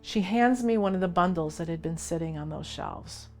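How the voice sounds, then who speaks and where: A woman slowly recounting her own experience in a deliberate, present-tense way. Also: fairly low pitch, darkish tone, faint music behind. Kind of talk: recounted personal narrative.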